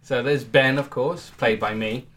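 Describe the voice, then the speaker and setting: A man's voice: medium pitch, fairly even intonation, measured pace, very noisy. A man co-hosting a podcast, telling a made-up film plot in playful, laughing, stumbling casual chat. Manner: playful storytelling, laughs often, stumbles over words. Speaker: podcast co-host. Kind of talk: casual comedic brainstorming chat.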